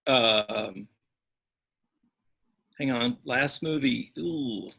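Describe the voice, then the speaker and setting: Gravelly, husky-voiced man chatting. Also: mid-range voice, drawn-out words. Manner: warm, chatty, self-deprecating. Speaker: church music director, interview guest. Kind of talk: casual interview chat.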